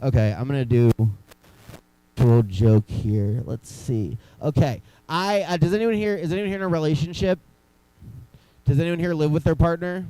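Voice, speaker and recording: A man's voice: fairly high pitch, normal speed, dark tone, no echo, poor audio. A young man doing stand-up comedy in a small club, rambling loosely and teasing the crowd.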